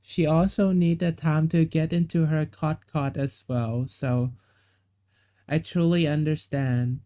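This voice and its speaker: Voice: medium pitch, fairly even intonation, slow, dark tone. A gaming streamer commenting on a game, repeating words and reading dialogue aloud.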